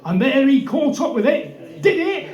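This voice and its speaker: A man with a strikingly high voice spins rambling, absurd comic tales in an exuberant showman manner. The sound is echoey, as if captured in a roomy brewery space. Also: sing-song, unhurried, a little mellow, lo-fi sound, soft background music. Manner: exuberant, addresses "ladies and gents". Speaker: comedian performing live. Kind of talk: absurd rambling stand-up storytelling. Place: brewery venue, indoors.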